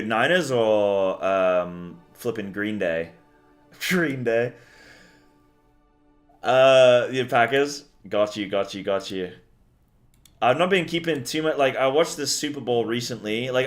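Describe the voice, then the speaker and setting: Tired, rambling streamer man. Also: mid-range voice. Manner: rambling and chatty, swears casually. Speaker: game streamer. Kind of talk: casual stream chat with viewers.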